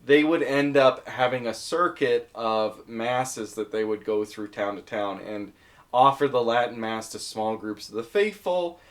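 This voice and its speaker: Man, mid pitch, casual explainer, conversational, thinks aloud, hedges and fillers. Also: measured pace. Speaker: video essayist. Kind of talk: explaining topics from a list in casual commentary.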